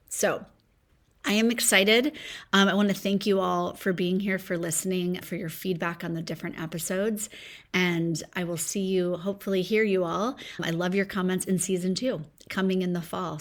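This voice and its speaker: A woman in her forties hosting a solo podcast from home, talking in a reflective, upbeat way. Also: fairly low pitch. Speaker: podcast host.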